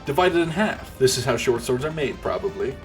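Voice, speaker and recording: A man's voice: mid-range voice, lively intonation, a little fast, soft background music. A man narrating a comedic role-play game as game master, casual and joking, and he swears freely.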